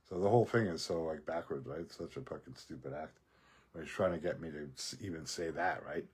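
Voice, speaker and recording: A man's voice: extremely low pitch, a little fast, darkish tone, husky. A man telling a rambling personal story in a casual monologue, profane and laughing often. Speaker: vlogger.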